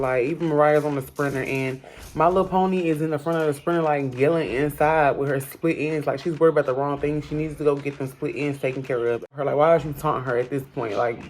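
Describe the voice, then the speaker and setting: A woman's voice: low voice, darkish tone, a little hiss or hum. A woman hosting a casual, gossipy recap of a reality show, talking straight to her viewers in a sassy voice. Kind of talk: casual chat.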